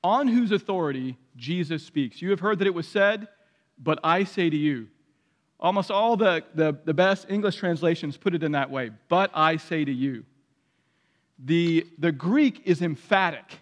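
A man preaching a sermon as pastor, emphatic and repeating his key phrases, often climbing to loud peaks. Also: fairly high pitch, normal speed. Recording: long hall reverb.

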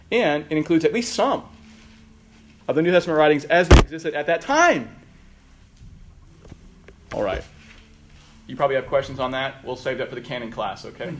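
A middle-aged man teaching a Bible class in a conversational lecture style, with asides and emphatic readings of quotes. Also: mid-range voice.

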